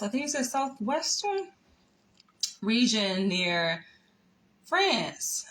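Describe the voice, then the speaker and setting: A woman's voice: on the high side, expressive, slow, long pauses, low-quality recording. A woman casually telling a personal story, chatty, with laughs, asides and the odd whisper. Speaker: vlogger.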